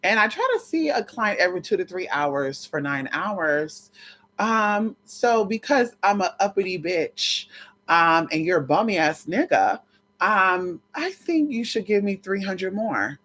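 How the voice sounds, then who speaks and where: A woman's voice: mid-range voice, sing-song, unhurried, a bit bright. A woman vlogger telling a brash, profane story straight to her viewers in a chatty way. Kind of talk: storytime chat to camera.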